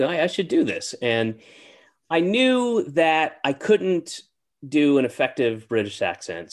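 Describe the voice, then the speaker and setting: Low-voiced man, halting interview talk. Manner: halting, many restarts and fillers. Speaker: interview guest, comedian and actor. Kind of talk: casual interview chat.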